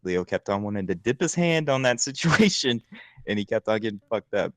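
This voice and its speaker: A man's voice: fairly low pitch, fairly quick, background noise. A man co-hosting a casual gaming podcast, telling stories with swearing and lots of energy. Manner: animated, swearing storyteller. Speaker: podcast co-host.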